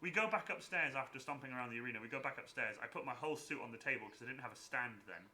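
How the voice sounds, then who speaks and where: Bright, animated man telling stories. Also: mid-range voice, rapid-fire, a little hiss or hum. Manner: animated, acts out voices in anecdotes. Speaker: cosplayer and stream host. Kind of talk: casual storytelling chat.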